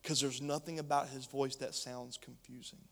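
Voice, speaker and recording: A man's voice: medium pitch, little pitch movement, normal speed, fairly bright tone. A male preacher reading scripture and preaching emphatically, speaking straight to his congregation. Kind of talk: sermon. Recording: long hall reverb.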